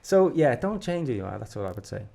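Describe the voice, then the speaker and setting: A man hosting a casual interview podcast, talking in an animated, encouraging way with lots of stammered restarts. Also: mid-range voice, fast talker, creaky. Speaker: podcast host, director.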